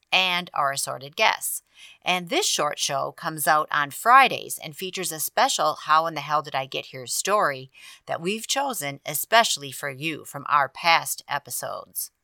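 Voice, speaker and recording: A woman hosting a podcast, telling a story in a casual, animated way. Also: deep voice, gravelly, no echo. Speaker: podcast host.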